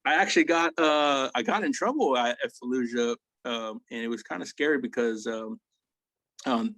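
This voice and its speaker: A male veteran recounts his deployment in a relaxed, profane interview voice of middle pitch. He slips into quoted dialogue as he goes, laughing along the way. The sound is dry and close, with no room echo. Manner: profane, animated storytelling with acted quotes. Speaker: interview guest, Army veteran. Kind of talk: casual storytelling interview.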